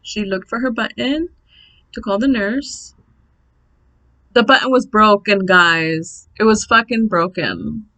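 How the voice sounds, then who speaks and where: A young woman telling a birth story in a casual, blunt, animated vlog, swearing freely. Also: mid-range voice, slow, poor audio.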